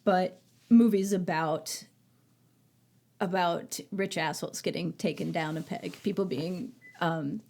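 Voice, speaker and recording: A woman's voice: lowish voice, takes it slowly, creaky, a little mellow. A woman hosting a casual podcast chat, giving opinionated film reviews and often trailing off and restarting her thoughts. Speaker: podcast host.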